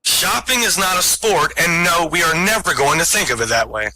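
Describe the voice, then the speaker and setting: A man's voice: fairly high pitch, expressive, moderate pace, pushed and bright, poor audio. A man telling jokes and a list of rules at an online open mic, chuckling at his own punchlines. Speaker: stand-up comic. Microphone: home microphone, online voice chat.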